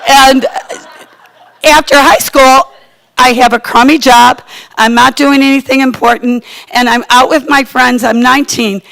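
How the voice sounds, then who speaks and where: A middle-aged woman tells a personal story in a chatty, self-mocking way. Her fairly high voice has a gravelly fry to it. She sounds casual and comic, as if talking to friends. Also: fairly bright tone, rough recording. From Chicago, USA.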